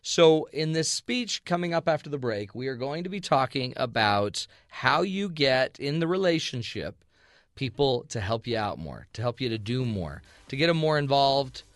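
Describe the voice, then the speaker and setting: A man hosting a radio show, then giving a lively motivational speech to a large audience, telling stories and acting out the dialogue. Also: medium pitch, normal speed, long reverb tail. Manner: animated storyteller, acts out dialogue, audience laughter. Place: large hall before an audience.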